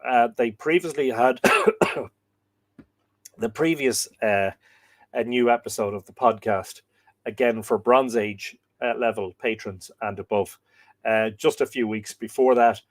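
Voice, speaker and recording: A middle-aged Irish man hosting a live stream, reading out viewer comments in a hesitant, thinking-aloud way with many pauses and fillers. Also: mid-range voice. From Ireland. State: dry throat, coughing. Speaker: host of a live myth reading show.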